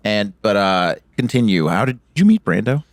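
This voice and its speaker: A man's voice: on the low side, lively intonation, moderate pace, dry recording, studio quality. A man co-hosting a podcast with crude, goading banter. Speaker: podcast host.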